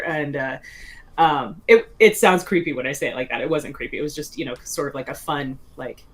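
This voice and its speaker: A woman in her forties, appearing as a guest author in a relaxed interview, rambles through her stories with lots of fillers, false starts, and laughter. She speaks a little fast in a low-pitched voice.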